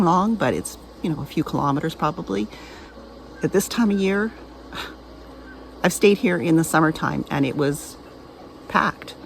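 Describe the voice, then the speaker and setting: A woman's voice: low-pitched, creaky, a little hiss or hum, rough recording. Chatty woman vlogging outdoors. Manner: chatty, gets emotional and laughs softly. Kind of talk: casual vlog narration. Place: outdoor campground by a lake.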